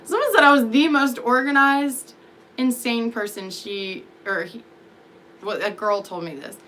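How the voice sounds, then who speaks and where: Bright-voiced woman telling stories. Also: on the high side, a little slow, slight background noise. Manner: candid, rambling, profane, with frequent fillers. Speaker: vlogger. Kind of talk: casual storytelling monologue.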